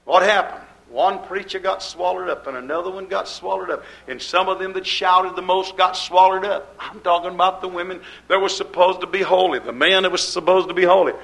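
High-pitched preacher guy, fervent sermon, folksy talk, lots of rhetorical questions, goes loud then hushed. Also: steady tone, a little fast, creaky, few pauses, rough recording. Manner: folksy grammar. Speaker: pastor.

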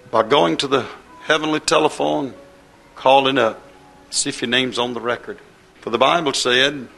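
Male preacher, bright forceful voice, impassioned sermon delivery, faint music behind. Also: mid-range voice, creaky. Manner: impassioned, rising and falling cadence.

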